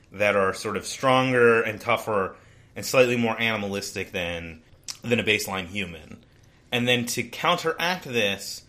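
Podcast co-host, male, fairly low and bright voice, loose and rambling delivery. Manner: rambling, with frequent restarts and "like". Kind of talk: casual book discussion.

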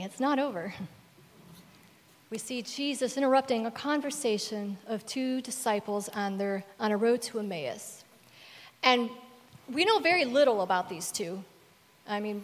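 High-voiced woman preaching. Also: long reverb tail. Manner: storytelling, emphatic with varying loudness. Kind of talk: sermon.

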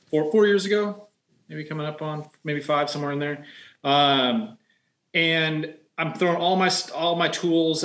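A man's voice: on the high side, pushed and bright, reverberant. A man in casual chat, telling a rambling anecdote with lots of fillers. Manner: reactive, chatty, rambling.

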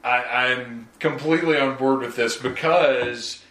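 A man co-hosting a casual podcast chat, telling it dry with halting restarts. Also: mid-range voice, fairly bright tone. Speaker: podcast co-host. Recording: roomy.

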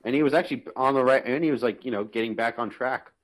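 A man chatting about movies on a casual podcast over a remote call. He keeps breaking into laughter and swears easily. His voice sits at a middling pitch. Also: fast. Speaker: podcast co-host.

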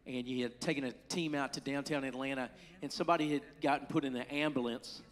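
A man pastor preaching in a conversational way, with quick asides to the congregation. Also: mid-range voice, fairly even intonation. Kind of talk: sermon. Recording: long hall reverb.

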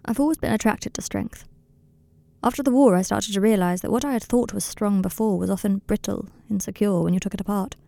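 Woman reading a tender young wizard man, softly confiding, gravelly edge, warm tone, audiobook. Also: medium pitch, a little fast, dry recording, natural voice. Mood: earnest. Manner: softly confiding, a little rambling. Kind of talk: audiobook reading of a fan story.

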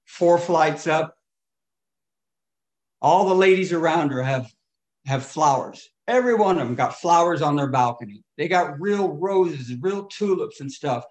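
A middle-aged man sharing his recovery story at a meeting, emotional, swinging between loud and hushed moments. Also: fairly high pitch. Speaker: recovery speaker. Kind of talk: AA share storytelling.

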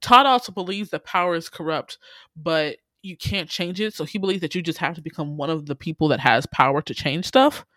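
A man casually recapping a TV series on a podcast, telling the story in lively bursts, acting out the characters' lines and swearing freely, with lots of "you know". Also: on the high side, fairly quick, no echo, studio quality. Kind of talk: casual chat.

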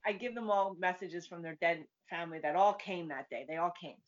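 A woman's voice: lowish voice, fairly quick. A woman guest, a psychic medium, chatting casually and acting out the voices in her stories. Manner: chatty storyteller, acts out quoted voices. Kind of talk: casual interview chat. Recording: dull lo-fi sound.

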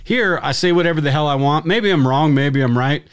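A man co-hosting a casual live stream, talking bluntly and swearing freely, often restarting his sentences. His voice sits a touch higher than most men's. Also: brisk, clean tone. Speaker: podcast co-host.

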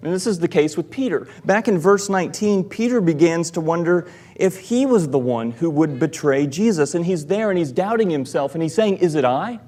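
A man, a church elder, preaching a sermon in a measured, deliberate way, giving quoted lines with emphasis. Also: fairly high pitch, expressive, darkish tone. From American South.

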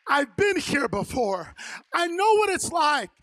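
A man's voice: high voice, steady tone, measured pace. A preacher voicing Peter, a blunt, restless fisherman. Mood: urgent. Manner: blunt and fed up, then urgent and shouting. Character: grieving, restless male fisherman disciple.

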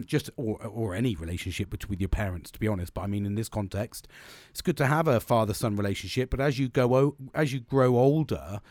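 A man's voice: on the low side, brisk, hardly any pauses, darkish tone, dry recording. A man in his forties telling a candid personal story, blunt and sweary, rambling with restarts.

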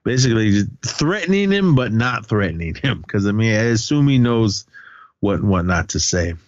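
A low-voiced man casually recaps a film scene by scene, quoting the characters and filling gaps with "uh" and "like." His voice sounds dry and slightly dull, as if recorded on modest gear. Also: sing-song, normal speed, no room sound. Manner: retells scenes with quoted dialogue and frequent fillers. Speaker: podcast co-host.

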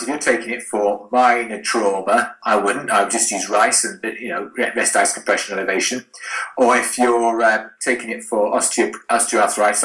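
A man's voice: mid-range voice, bright, forceful tone, reverberant, low-quality recording. A man, a doctor on a podcast, explaining frankly and plainly in conversation. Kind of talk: explanatory chat.

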